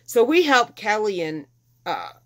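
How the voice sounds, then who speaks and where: A woman's voice: mid-range voice, measured pace. A middle-aged woman telling a personal story casually, animatedly acting out the people she quotes. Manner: animated, acts out quoted dialogue with exasperation.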